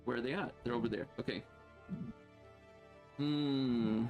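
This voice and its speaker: A man narrating a tabletop game as game master, animated and laughing often, with lots of "like" and "uh". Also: medium pitch, unhurried, highs cut off, soft background music.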